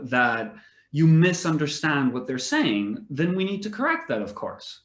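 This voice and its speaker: A male English teacher joins a podcast chat as a guest and talks carefully, restarting phrases as he works through his thoughts. His voice sits a little higher than average. The sound is roomy, with a clear echo around him. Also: very animated. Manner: thoughtful, measured, repeats words while thinking. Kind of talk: casual podcast discussion.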